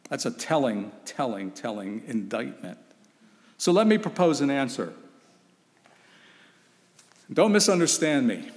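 Fervent male preacher in a reverberant hall. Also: mid-range voice. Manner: rhetorical questions, emphatic and urgent. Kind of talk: sermon.

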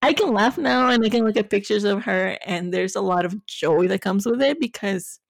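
A woman's voice: mid-range voice, moderate pace, gravelly, no room sound. A woman in her thirties co-hosting a podcast, telling stories animatedly with frequent laughter in a casual chat. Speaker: podcast co-host.

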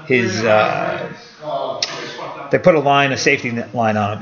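A man hosting a podcast and coaching martial arts, chatting casually and bluntly, rambling into stories. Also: mid-range voice. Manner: laid-back, blunt, rambling storyteller. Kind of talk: casual interview chat. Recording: lo-fi with clear background noise.

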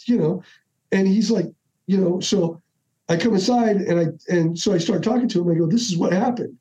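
A middle-aged man, a podcast guest, telling stories in a casual, animated way and acting out the dialogue with lots of restarts. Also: high voice, normal speed. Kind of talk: casual storytelling. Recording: dull lo-fi audio.

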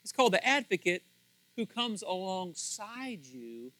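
Male pastor, sermon, bright forceful tone, fairly high voice, animated delivery. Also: measured pace, dry recording, low-quality recording. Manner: animated, acts out quoted dialogue, big swings in loudness.

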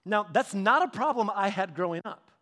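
A man's voice: high voice, moderate pace. A middle-aged man preaching a sermon, telling family stories with humor, chuckling and restarting his sentences. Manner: animated, humorous storytelling with frequent laughs and restarts. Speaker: pastor. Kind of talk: storytelling sermon.

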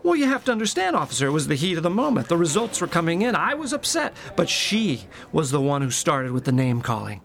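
A middle-aged man performs a comic monologue as a self-righteous, prissy character explaining himself to a police officer, breaking into shrill, high-pitched rants. A little hiss or hum is audible.

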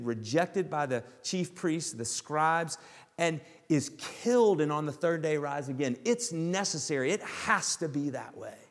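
Gravelly-voiced preacher in a hall. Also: male voice, fairly high pitch. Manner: emphatic, slows down and drops to a hush on key words. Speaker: pastor. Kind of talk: sermon. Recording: long hall reverb.

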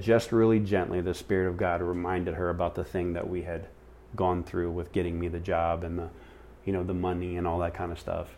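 A man's voice: low voice, a little fast. A man speaking at church, telling a personal story in a sermon and acting out the people he quotes. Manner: animated, acts out quoted voices.

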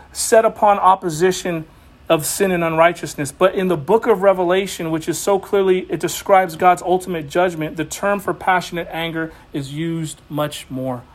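A man with a fairly high voice delivers an impassioned sermon. He speaks as a pastor, repeating phrases for emphasis and pressing each point home.

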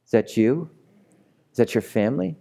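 Mellow-voiced passionate male pastor. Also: mid-range voice, animated, normal speed, gravelly. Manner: passionate, repetitive, asks the audience direct questions. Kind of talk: sermon.

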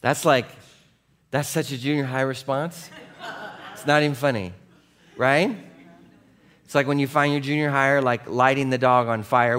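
A male pastor giving a sermon, moving between quiet, earnest reflection and lively, conversational storytelling with playful impressions. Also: medium pitch, moderate pace, long pauses.

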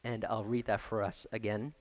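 A man's voice: lowish voice, level tone, normal speed, in a large hall. A man preaching a sermon as pastor, emphatic, often putting questions to the congregation. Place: church.

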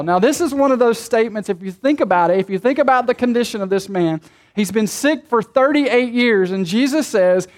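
A man's voice: sits high, a little fast. A male pastor preaching a sermon in a conversational way, asking rhetorical questions and making light jokes.

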